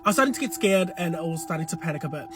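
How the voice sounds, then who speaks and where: A man in his twenties telling a scary story from his school days in a loose, casual way, full of fillers and swearing, from a dark room. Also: fairly high pitch, animated, racing, noisy background. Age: 20s. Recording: loud background music. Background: music.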